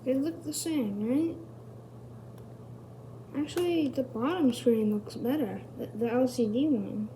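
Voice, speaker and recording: A woman's voice: high-pitched, unhurried, pauses often, mellow, a little hiss or hum. A woman hosting a casual tech explainer video, rambling and correcting herself as she goes. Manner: rambling, self-correcting, chatty. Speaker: video host.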